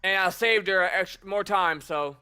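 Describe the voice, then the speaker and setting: Very high, sharp-voiced male gamer. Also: normal speed, clear, resonant tone. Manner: chatty, teasing taunts at opponents. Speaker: gamer streamer. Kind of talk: casual gameplay commentary.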